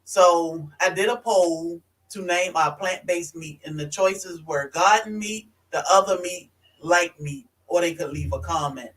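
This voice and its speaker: A man co-hosting a casual live-stream chat, relaxed and easygoing as he reads viewer comments. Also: high-pitched, unhurried, hardly any pauses, low-quality recording. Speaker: co-host reading viewer comments.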